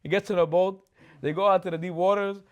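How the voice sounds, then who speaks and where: Rabbi guy with a fairly high voice, animated storyteller, keeps asking questions and acting out the people in the story. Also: fast talker, noisy background. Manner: chatty, asks rhetorical questions. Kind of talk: lively Torah class.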